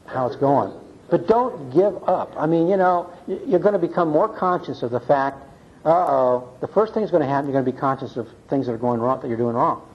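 Heard through a muffled lo-fi recording, a husky, mid-range voice belongs to an older man leading Bible study at church. He's earnest and folksy, regularly tossing in "see?" and "okay?" to check on his listeners.

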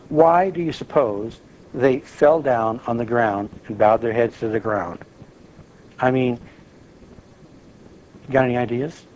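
A man leading an informal Bible study, lively and acting out prayers as he talks. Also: mid-range voice, dull audio, slight background noise. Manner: animated, acts out prayers and quotes.

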